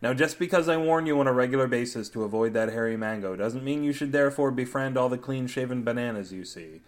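A man's voice: medium pitch, fast. A man hosting a podcast and reading a comic story aloud, playful, with absurd wordplay. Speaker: podcast host and story reader.

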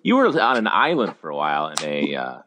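A man's voice: rumbling low, wildly swooping pitch, fairly quick, pushed and bright, in a large hall, a little hiss or hum. A man co-hosting a casual podcast, teasing the others in a dry way. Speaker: podcast co-host.

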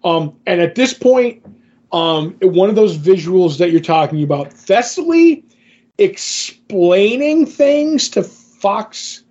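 A man's voice: high-pitched, big pitch swings, slow pace, a little mellow, muffled recording. A man co-hosting a podcast, casually talking about comics and recapping a story in a rambling way with many fillers. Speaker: podcast co-host. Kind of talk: casual comic book discussion.

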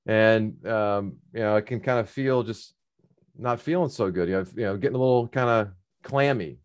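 A man's voice: on the low side, normal speed, clean tone. A middle-aged man casually telling a long personal story, rambling with many fillers and restarts.

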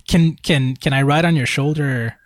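A woman player in a tabletop game, eager and quick to repeat herself. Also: sits low, no room sound, studio quality.

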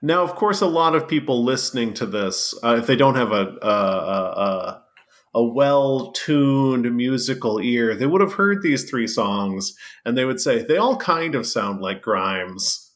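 Male podcast co-host, lively and animated, playful comic banter. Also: mid-range voice, measured pace. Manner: playful, lively, laughs between phrases. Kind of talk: casual comedic chat.

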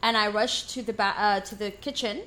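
A woman in casual podcast chat, telling a long story with lively, profane delivery. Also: mid-range voice, brisk. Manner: animated storyteller, swears freely. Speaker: podcast co-host.

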